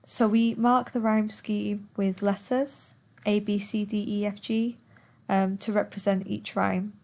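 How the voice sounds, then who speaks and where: Slow, patient woman teaching poetry. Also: medium pitch, level tone, darkish tone. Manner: patient, slow and clear, repeats words to count syllables. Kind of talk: poetry lesson, reading verse aloud.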